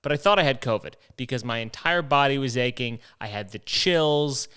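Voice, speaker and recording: Young male host, smooth clear voice, casual rambling monologue with profanity and self-mockery. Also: mid-range voice, moderate pace, bright, forceful tone. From New York. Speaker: podcast host.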